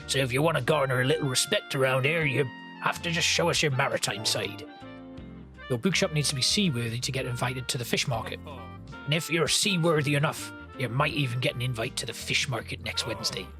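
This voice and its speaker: Gruff old sea-dog shopkeeper with a put-on pirate-like rural drawl, low and hushed, done by a man in a game playthrough. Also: close to an everyday voice. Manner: mock pirate-style rural accent. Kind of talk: gameplay character voice.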